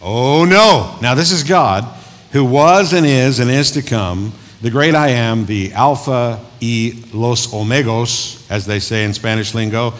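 A male pastor preaching in a folksy, joking, conversational way. His voice sits at a middle pitch. A long reverb hangs in the church hall around him. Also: measured pace. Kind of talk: sermon.

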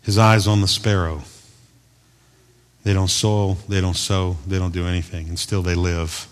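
A man preaching a sermon as pastor, swinging from loud emphatic bursts to quiet asides. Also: deep voice, little pitch movement, unhurried. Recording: long hall reverb.

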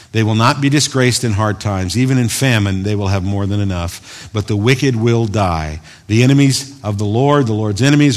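Male pastor, animated sermon delivery, loud peaks and soft asides, reverberant hall. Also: lowish voice. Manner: animated preaching, swinging from loud emphatic bursts to quiet asides.

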